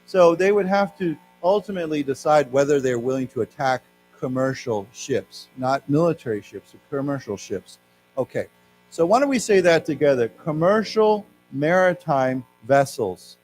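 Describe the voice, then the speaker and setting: An American man teaching English to a class, explaining words slowly, having the class repeat them, and dropping Mandarin words into his explanations. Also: fairly high pitch, animated, a little mellow, rough recording. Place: lecture room with audience. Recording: faint music and mains hum behind.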